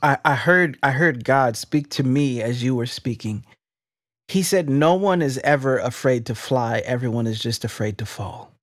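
A man's voice: medium pitch, lively intonation, moderate pace, a bit bright, no echo. A man hosting a faith-based interview podcast in a studio, talking with enthusiastic, preacherly energy and often repeating his words. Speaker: podcast host.

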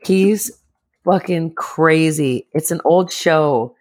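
A man's voice: fairly high pitch, takes it slowly, darkish tone. A man co-hosting a podcast in casual chat, joking and profane, laughing often and mimicking people in put-on voices. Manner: profane, jokey. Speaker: podcast co-host.

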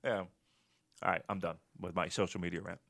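Bright-voiced man ranting on a podcast. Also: sits low, fairly quick, creaky. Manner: animated, profane, breaks into loud rants. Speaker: podcast co-host. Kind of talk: casual podcast chat.

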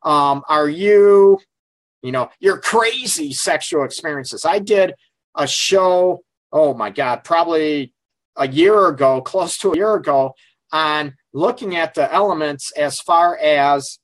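Taking things slowly in a slightly high voice, a middle-aged relationship counselor hosts a live call-in radio show from his office. He's frank and casual, rambling with plenty of filler words, and there's no echo.

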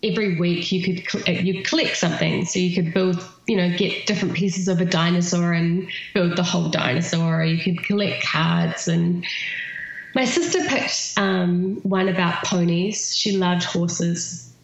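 A woman with a New Zealand accent, a podcast guest chatting at length and filling her pauses with ums. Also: on the low side, fairly even intonation, very echoey, highs cut off. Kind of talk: casual podcast interview.

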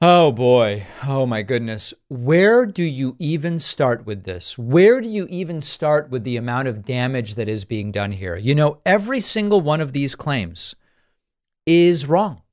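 A man's voice: mid-range voice, lively intonation, a little slow. A man hosting a political talk show, giving emphatic, exasperated commentary and searching aloud for the right words.

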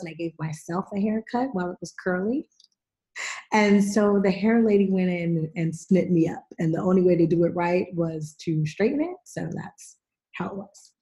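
A middle-aged woman hosting a podcast, chatting casually and telling animated stories with acted-out quotes. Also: on the low side. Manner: animated storyteller, acts out quotes. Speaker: podcast host. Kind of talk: casual chat.

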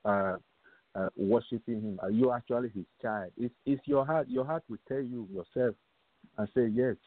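A man's voice: medium pitch, dry recording. A man hosting a radio show, preaching emphatically, repeating phrases and asking rhetorical questions. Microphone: phone call-in line. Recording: tinny, dry phone line.

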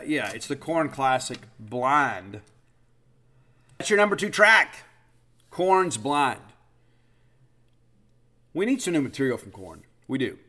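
In a casual monologue, a podcast host in his fifties rambles through a self-deprecating story stuffed with fillers. He speaks in a fairly bright, mid-range voice.

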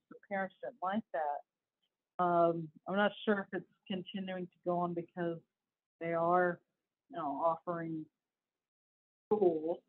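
A woman hosts a casual news commentary about education, chatting in a rambling way full of asides and restarts. Her pitch is fairly low, and the tinny, phone-like audio carries a little hiss or hum.

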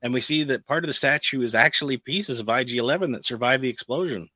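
A man co-hosting a podcast, reading a plot recap in a steady narrating tone with quick casual asides. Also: medium pitch, no echo, rough recording. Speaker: podcast co-host recapping an episode.

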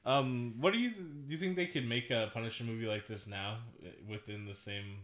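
A man's voice: medium pitch, a little fast, fairly bright tone. A man co-hosting a podcast, chatting casually about movies, rambling with lots of "like" and laughing often. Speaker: podcast co-host.

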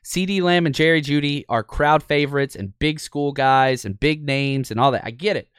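Opinionated male sports host, slightly high voice, talks through game film with a laugh, dry booth sound. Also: moderate pace, clean tone, dry recording. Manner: animated and opinionated, laughs often. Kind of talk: casual football film breakdown.

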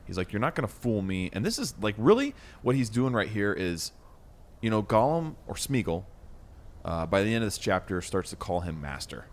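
Deep-voiced man chatting about a book. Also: sing-song, normal speed. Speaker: book discussion co-host. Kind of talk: casual book chat.

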